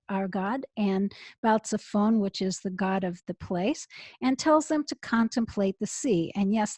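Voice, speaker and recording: A middle-aged woman rabbi, telling an expressive story as an interview guest over earphones on a call. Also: medium pitch, no room sound. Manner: expressive, builds to emotional peaks. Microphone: earphones with mic.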